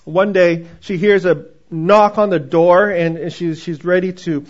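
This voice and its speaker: A man's voice: high voice, fairly even intonation, measured pace. A male pastor preaching a sermon in a conversational style and joking with the congregation. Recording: dull, muffled recording.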